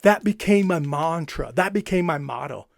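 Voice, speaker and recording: A man giving an energetic, emphatic motivational talk, repeating phrases for effect. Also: fairly high pitch, moderate pace, gravelly, no room sound, studio quality. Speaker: self-help coach.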